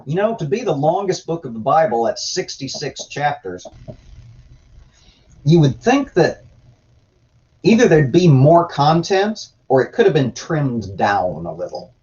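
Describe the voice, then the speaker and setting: A man's voice: fairly high pitch, sing-song, a little slow, darkish tone. A man hosting a casual livestream, joking irreverently as he reads chat and comments on scripture. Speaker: host reading and commenting on scripture. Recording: dull lo-fi stream audio.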